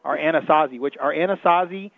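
A man's voice: on the high side, fast, gravelly. A man who manages a restaurant, answering a radio host's questions and hesitating often with fillers. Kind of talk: radio interview guest. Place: inside a restaurant. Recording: narrow phone-like radio broadcast.

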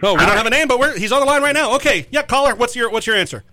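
Bright high-voiced male radio host. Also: animated, no room sound. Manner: upbeat, joking, quick patter. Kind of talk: call-in radio quiz hosting. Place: radio studio.

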